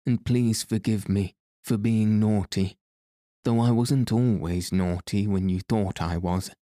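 A man's voice: lowish voice, steady tone, measured pace, mellow, dry recording, studio quality, natural voice. A man reading as a solemn, dramatic little girl. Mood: earnest. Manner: solemn, earnest delivery.

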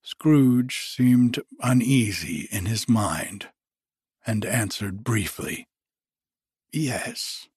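A man narrating a classic story with slow, measured delivery. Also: lowish voice, darkish tone, slightly rough, no echo, studio quality. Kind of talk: storybook reading.

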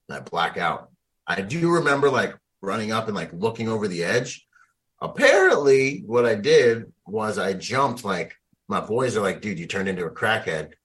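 Male veteran guest, low voice, animated storyteller with street slang. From United States. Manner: animated, slangy, laughs often. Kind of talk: conversational storytelling.

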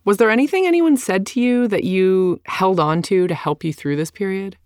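A woman's voice: mid-range voice, normal speed, darkish tone, no room sound, clean studio sound. A woman interviewer asking probing, conversational questions.

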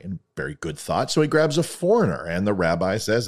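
A man's voice: mid-range voice, big pitch swings, brisk, few pauses, a little mellow. A man hosting his own podcast, rambling through a comic story and plugs with self-mocking jokes. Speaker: podcast host. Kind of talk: casual comedic monologue.

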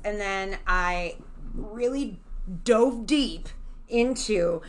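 A woman's voice: mid-range voice, slow pace, a little hiss or hum. A woman co-hosting a podcast, explaining things from her notes in an enthusiastic, casual way. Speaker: podcast co-host.

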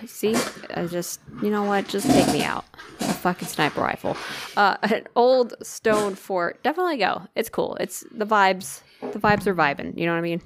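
A woman's voice: medium pitch, normal speed, a little hiss or hum. A woman co-hosting a casual podcast, rambling, teasing and swearing. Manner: lively, profane, teasing, rambling. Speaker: podcast co-host.

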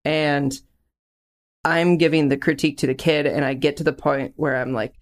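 A man co-hosting a casual chat, telling stories with lively acted-out quotes. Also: a little high, moderate pace. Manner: animated storyteller, acts out quotes. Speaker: podcast co-host and artist.

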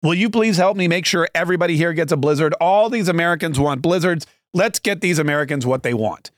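A man's voice: a little high, fast, no echo, studio quality, natural voice. A man voicing a boastful older male politician handing out treats to a crowd.

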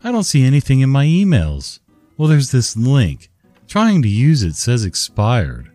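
A man voicing a slow, confused older male caller who is helpless with technology, drawling out bewildered questions. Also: mid-range voice, wildly swooping pitch, warm tone, no echo, faint music behind, voice pushed up.

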